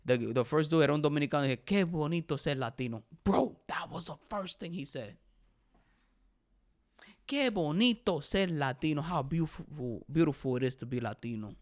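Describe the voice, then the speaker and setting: Smooth-voiced excited man saying "bro". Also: on the high side. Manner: excited, switches between English and Spanish, says "bro" constantly. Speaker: podcast host. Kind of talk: casual opinion talk.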